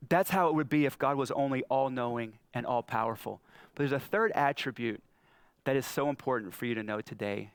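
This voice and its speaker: A man's voice: clean tone, dry recording. A man in his thirties preaching a sermon, telling stories and acting out the lines he quotes. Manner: storytelling, acts out quotes with big pitch jumps. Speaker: pastor. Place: church hall.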